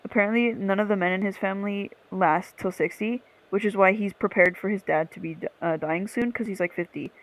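A woman's voice: mid-range voice, brisk, hardly any pauses, rough recording. A young woman co-hosting a podcast, telling a story in casual chat with lots of swearing and laughter.

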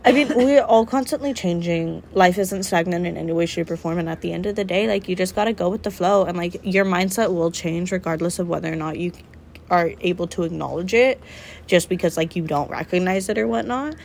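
A woman's voice: lowish voice, fairly quick, gravelly, a little mellow, a little hiss or hum. A young woman co-hosting a podcast, talking bluntly and animatedly in a casual chat, swearing and joking. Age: young adult. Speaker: podcast co-host.

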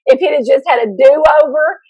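A woman's voice: high-pitched, normal speed, a little mellow, poor audio. A woman co-hosting a podcast as a school counselor, chatting casually, laughing and rambling with restarts.

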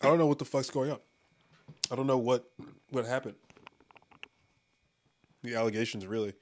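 A man's voice: mid-range voice, moderate pace. A man riffs in a loose, foul-mouthed comedic monologue, circling back on his own sentences. He laughs often and keeps a mid-range voice. His delivery feels offhand and unscripted. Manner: profane, rambling, laughs often.

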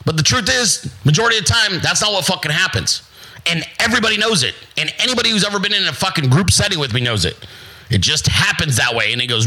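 A man's voice: a little high, lively intonation, fast, sharp tone, breathy edge, low-quality recording. A man hosting his own show, giving a brash, profane motivational monologue and mocking other people in put-on voices. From United States. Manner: brash, profane, emphatic, repetitive. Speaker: show host.

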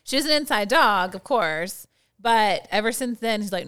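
A middle-aged woman co-hosts a podcast, gushing and poking fun at herself. Her voice is smooth and clear at a medium pitch. She keeps the talk light and bubbly. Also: animated, moderate pace, fairly bright tone. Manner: bubbly, gushing, self-deprecating. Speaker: podcast co-host. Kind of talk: casual podcast chat.

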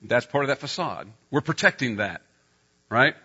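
A middle-aged man preaching a sermon, telling a personal story and getting loud when he acts out scenes. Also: medium pitch, expressive, normal speed, husky, dull audio.

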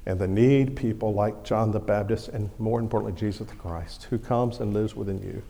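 A middle-aged man, preaching a sermon as a pastor and telling a personal story in a folksy, animated way. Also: on the low side, normal speed, vocal fry. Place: church sanctuary. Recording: long hall reverb.

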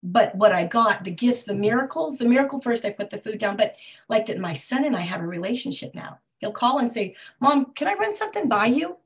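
Woman sharing haltingly at a recovery meeting. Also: mid-range voice. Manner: halting, searching for words, frequent restarts.

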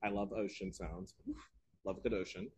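A man co-hosting a podcast, telling stories in a casual, animated way and laughing often. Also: low-pitched, normal speed, breathy edge. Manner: animated storytelling, laughs often, loses his train of thought. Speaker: podcast co-host. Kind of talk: casual chat.

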